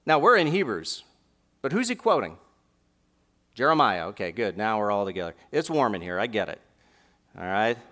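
A man preaching in a church with a bright, forceful voice. He reads scripture slowly, and he leans hard on the lines he wants to stress. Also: on the low side, big pitch swings. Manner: preaching with dramatic slow emphasis on scripture lines. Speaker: pastor. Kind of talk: sermon. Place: warm church sanctuary.

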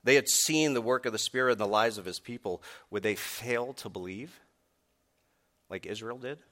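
A man pastor preaching a sermon to his congregation, building from measured explanation to emphatic, forceful declarations. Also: mid-range voice. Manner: emphatic, rising to forceful peaks on key points.

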